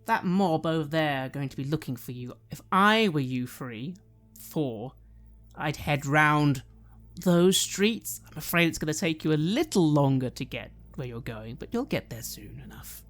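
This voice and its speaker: Man putting on a gloating male villain, loud and high. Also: animated, normal speed. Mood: mocking. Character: mocking male villain impersonating a party member.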